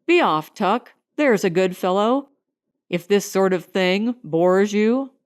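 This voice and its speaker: A woman reading an audiobook voices a genial young gentleman with an easygoing, hearty manner. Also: mid-range voice, expressive, slow, smooth.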